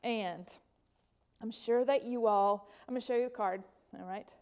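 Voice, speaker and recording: A woman's voice: fairly high pitch, normal speed, darkish tone, smooth. A woman hosting a craft company's show, chatting casually and gushing enthusiastically as she reads out fan mail.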